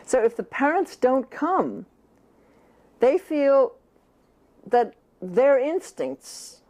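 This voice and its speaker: Earnest older American woman, mellow voice. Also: high-pitched, big pitch swings, extremely slow. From United States. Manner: earnest, emphatic, often speaks as if she were the baby. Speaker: author and speaker. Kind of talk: reflective talk on child rearing.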